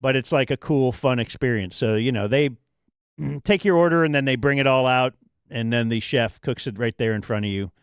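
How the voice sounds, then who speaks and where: Male co-host, mid-pitch, smooth and resonant, loose rambling anecdote delivery, dry studio mic. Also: moderate pace, dry recording. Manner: rambling storyteller, lots of fillers and restarts. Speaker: radio show co-host. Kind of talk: casual chat.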